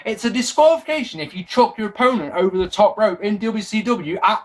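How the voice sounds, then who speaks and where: A male wrestling reviewer talking straight to his audience in a loose, casual monologue. He is sarcastic and sweary, and exasperated by what he is watching. His voice is lively, jumping up high and dropping low as he goes. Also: a little fast, few pauses.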